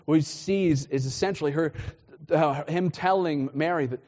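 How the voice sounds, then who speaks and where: Man, pastor, conversational sermon, repeats words, slightly high voice, long hall reverb. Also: moderate pace, a little mellow, lo-fi sound. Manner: conversational preaching, repeats words when restarting.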